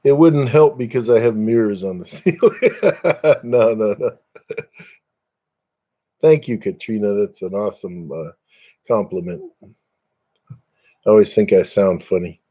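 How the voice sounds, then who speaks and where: A man's voice: lowish voice, measured pace, long pauses, mellow, slightly rough. An older man chatting casually on a webcam live stream at home, rambling and self-deprecating, chuckling often.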